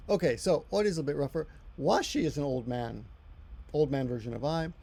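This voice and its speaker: A man's voice: on the high side, a little fast, creaky, mellow, husky. A middle-aged man giving a casual language lesson, rambling and correcting himself as he explains. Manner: rambling, self-correcting, chatty asides. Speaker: Japanese language teacher.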